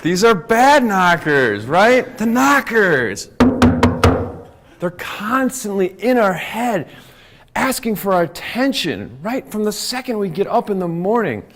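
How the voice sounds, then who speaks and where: A man giving a lively talk to a live conference audience, often checking in with "right?" and "okay?". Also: high-pitched, slow pace, noisy background. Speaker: conference speaker.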